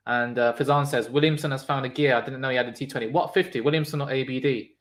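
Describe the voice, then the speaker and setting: A fast talker with a steady, mid-range voice, the man streams relaxed cricket commentary. He responds loudly to what happens on the field and talks with his viewers.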